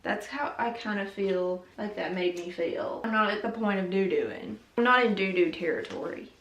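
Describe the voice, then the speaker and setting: Young female vlogger, chatty and giggly, mid pitch; roomy, distant mic sound. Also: normal speed, a bit bright. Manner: chatty and giggly, heavy use of "like". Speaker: YouTube host. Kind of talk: casual chat reviewing TV episodes.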